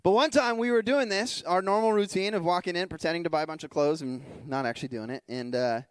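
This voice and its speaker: A male worship leader telling a story in a sermon, animated and chatty, often restarting and asking the room "right?". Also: high voice, fast, clean tone, no echo. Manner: animated, chatty storyteller who acts out dialogue; frequent restarts and rhetorical "right?".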